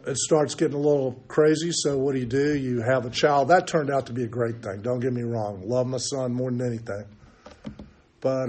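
A man's voice: medium pitch, a little mellow. An older man giving a candid, self-mocking recovery testimony, talking in a loose storytelling way with many fillers. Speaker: recovery meeting speaker.

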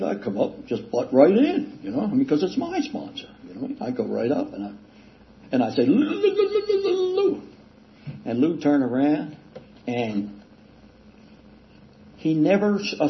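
An older man casually telling a self-deprecating recovery story, rambling with halting restarts and chuckles. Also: mid-range voice. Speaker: speaker sharing a recovery story. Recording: dull lo-fi recording with faint hiss.

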